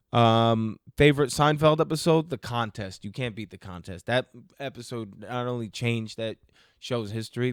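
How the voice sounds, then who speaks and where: Smooth-voiced joking podcast host man. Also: mid-range voice, dry recording, clean studio sound. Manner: joking, rambling, self-mocking. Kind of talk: casual solo Q&A.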